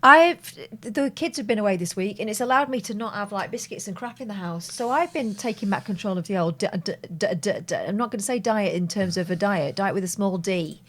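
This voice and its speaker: A woman's voice: medium pitch, a little fast, few pauses, a bit bright. An English woman co-hosting a live show, chatty, upbeat and down-to-earth. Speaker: co-host. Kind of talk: casual live show chat.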